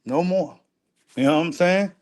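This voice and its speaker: A man's voice: a little high, moderate pace, darkish tone. A man giving casual reaction commentary, repeating phrases and swearing for emphasis. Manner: repetitive, emphatic, profane street talk. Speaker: host reacting to video.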